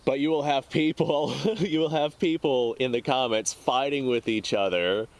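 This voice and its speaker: A man's voice: mid-range voice, moderate pace. A man talking casually to camera as the host of a firearms channel, rambling and exasperated, with frequent chuckles. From United States.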